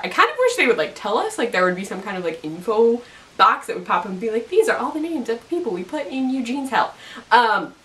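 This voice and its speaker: A woman's voice: fairly high pitch, sharp tone, distant mic. A young woman recapping a TV episode in a goofy, rambling way, acting out characters' lines in silly voices. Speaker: TV recap vlogger.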